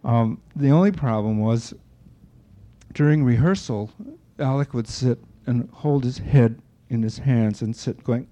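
A man's voice: medium pitch, moderate pace. An older man, an opera director and vocal coach, telling backstage anecdotes and acting out the voices of the people he quotes. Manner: animated storyteller who acts out quoted voices. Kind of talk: storytelling talk with anecdotes. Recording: dull lo-fi recording.

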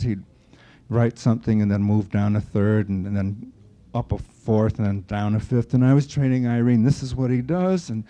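An older man, an opera director and vocal coach, telling backstage anecdotes and acting out the voices of the people he quotes. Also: fairly low pitch. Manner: animated storyteller who acts out quoted voices. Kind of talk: storytelling talk with anecdotes. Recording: dull lo-fi recording.

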